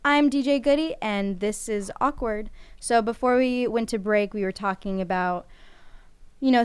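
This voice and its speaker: A woman's voice: on the high side, clear, resonant tone. A young woman hosting a college radio show, chatting in a rambling way with lots of fillers and giggles, on a studio microphone. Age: young adult. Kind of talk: casual radio chat.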